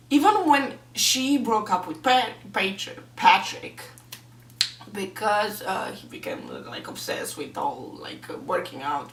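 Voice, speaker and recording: A woman's voice: medium pitch, slight background noise. A woman reviewing a book in a casual vlog, talking in a chatty, emotional way with lots of fillers. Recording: echoey room, mic at a distance.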